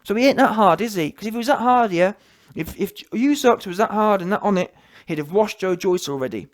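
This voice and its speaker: A man's voice: high-pitched, lively intonation, a little fast. Man, fired-up boxing rant, mocking, slangy, keeps adding "yeah". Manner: heated, mocking, slangy, full of restarts and "yeah" tags. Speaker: boxing commentator. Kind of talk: ranting opinion vlog.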